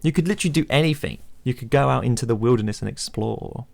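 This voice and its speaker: Gravelly-voiced male host reading game text aloud and prompting a player, middle pitch. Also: fast talker, a little hiss or hum. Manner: reads aloud, prompting and coaxing. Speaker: podcast host and game narrator. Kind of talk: narrating a text adventure game.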